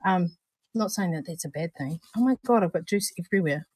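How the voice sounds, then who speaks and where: A woman's voice: lowish voice, animated, fairly quick, a little mellow, husky, no room sound. A New Zealand woman co-hosting a casual livestream, chatty and bubbly, calling viewers darling and honey. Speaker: vape show co-host.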